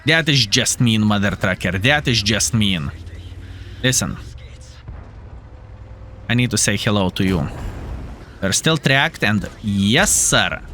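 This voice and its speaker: A man's voice: fairly low pitch, lively intonation, takes it slowly, pauses often, sharp tone, slight background noise. A young man giving playful, jokey live commentary on his tank battle, calling his viewers fellas. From Lithuania. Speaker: gaming streamer.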